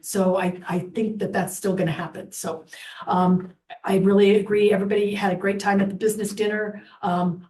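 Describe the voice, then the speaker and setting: A woman's voice: mid-range voice, darkish tone. A woman on a city council giving her report at a meeting, chatty and rambling, with many fillers. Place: council chamber. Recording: roomy chamber, distant mic.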